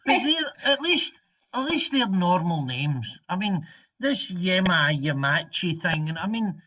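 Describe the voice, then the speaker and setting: A man's voice: high-pitched, sing-song, a little slow, pushed and bright. A Scottish comedian ranting and swearing his way through casual chat, recorded on a distant mic. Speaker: comedian guest.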